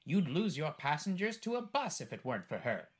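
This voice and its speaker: A motherly, kindly coach lady from a storybook, gently scolding, as a man puts her on. The voice is raised high and rises and falls in broad swings. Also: very animated, fairly quick, slightly rough. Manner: scolding, warm.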